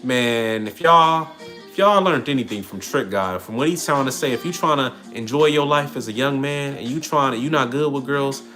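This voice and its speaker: A man's voice: medium pitch, animated, a little fast, bright, forceful tone. A man hosting a casual livestream monologue, talking in slang and preaching through rhetorical questions. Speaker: livestream host. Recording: music under the voice. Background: music playing.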